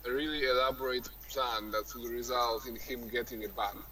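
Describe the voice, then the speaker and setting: A man's voice: medium pitch, steady tone, fairly quick, over a noisy crowd, low-quality recording. A man co-commentating a live strategy game, trading teasing jokes with the other hosts. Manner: joking, teasing banter.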